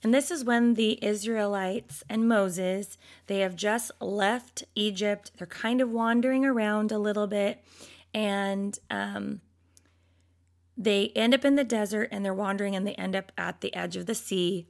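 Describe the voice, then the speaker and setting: A woman's voice: mid-range voice, normal speed, gravelly. A woman teaching a devotional Bible lesson, talking straight to her listeners and reading scripture aloud. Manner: lively, talks straight to listeners; reads scripture aloud, mocks complaints with put-on whiny voices.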